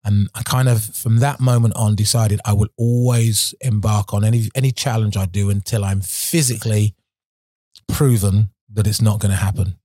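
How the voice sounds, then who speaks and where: Dark, husky man telling his story. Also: on the low side, steady tone, moderate pace, no room sound, clean studio sound. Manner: rambling and frank, many restarts and fillers. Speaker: guest, former Olympic sprinter. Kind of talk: candid storytelling interview.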